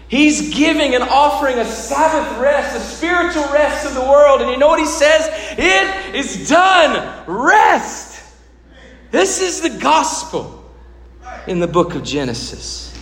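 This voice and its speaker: High-voiced preacher in an echoey hall. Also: male voice. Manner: animated preaching, swinging between loud emphasis and hushed low delivery. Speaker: pastor. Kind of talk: sermon.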